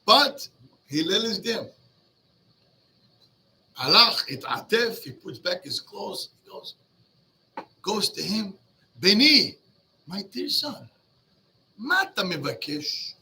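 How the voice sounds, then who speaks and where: A man's voice: high-pitched, measured pace, vocal fry, pauses often. A rabbi telling a Talmud story to a class, switching between Hebrew and English and acting out the characters. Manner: lively, mixes Hebrew and English, acts out the characters. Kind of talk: animated storytelling lesson.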